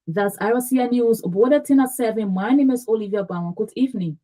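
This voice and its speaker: Mellow woman reading a news bulletin. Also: fairly high pitch, faint music behind, low-quality recording. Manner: measured, formal reading with slips. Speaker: newsreader. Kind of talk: read radio news bulletin.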